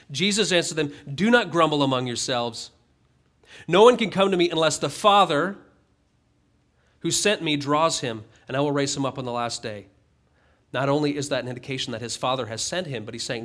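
A man's voice: medium pitch, a bit bright. A middle-aged man preaching a sermon as a pastor, reading scripture aloud and then explaining it conversationally with light humor.

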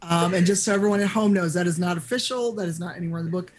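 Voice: medium pitch, fairly even intonation, racing, slight background noise. A game master casually narrating a tabletop game scene and chatting lightly with players.

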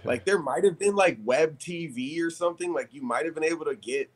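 A man, a podcast guest, telling a story in casual chat, animated and profane, laughing as he talks. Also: a little high, fairly quick.

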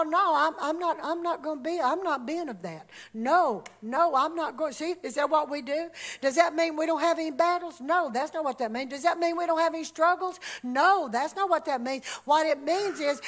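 Woman, high-pitched, emphatic preaching, loud calls and quiet asides. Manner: emphatic with wide swings between loud exclamations and hushed asides. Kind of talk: sermon.

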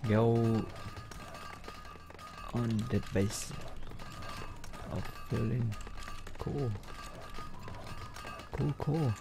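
A man casually commenting on his gameplay, hesitant and muttering, with many ums and pauses. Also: mid-range voice, vocal fry, background noise.

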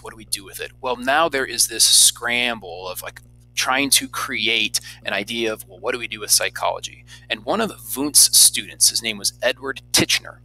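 A man teaching a recorded lecture in a lively, conversational way, often checking in with rhetorical questions. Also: on the low side, rough recording.

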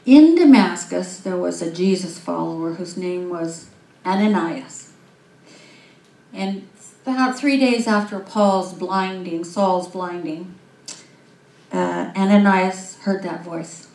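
A woman minister giving a sermon, telling a story in a lively, animated way. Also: lowish voice, takes it slowly, vocal fry. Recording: roomy, from far off.

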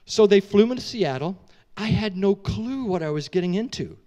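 A middle-aged male pastor preaching a sermon as a story, animated and emotional, with casual asides to the congregation. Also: high-pitched, normal speed.

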